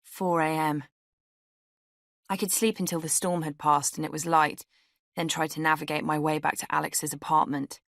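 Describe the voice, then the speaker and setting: A young woman narrates her own memoir with candid, wry delivery. Her voice sits low. The studio sound is dry and close. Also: little pitch movement, moderate pace, gravelly, a bit bright, no room sound. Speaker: author reading her memoir. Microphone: studio microphone.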